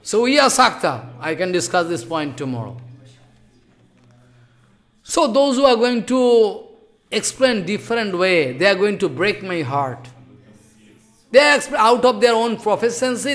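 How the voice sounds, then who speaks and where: Man, high-pitched voice, fervent sermon, broken English, sudden loud bursts. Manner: impassioned, scolding, swings between loud outbursts and hushed asides; non-native English with broken grammar. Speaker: spiritual teacher. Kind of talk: devotional sermon.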